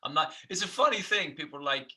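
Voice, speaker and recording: A man's voice: on the high side, lively intonation, quick pace, sharp tone. A man co-hosting a podcast, riffing in a rambling, jokey way on absurd ideas. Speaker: podcast co-host. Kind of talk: casual comedic chat.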